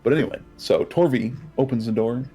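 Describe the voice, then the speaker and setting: A man's voice: medium pitch, a little fast, warm tone, faint music behind. A man narrating as game master in a casual tabletop game session.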